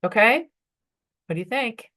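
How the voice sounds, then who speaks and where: A woman's voice: fairly high pitch, lively intonation, measured pace, bright, forceful tone. A woman leading a workshop for professional women, talking conversationally and acting out bits of dialogue. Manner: conversational, with fillers and acted-out dialogue. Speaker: workshop leader.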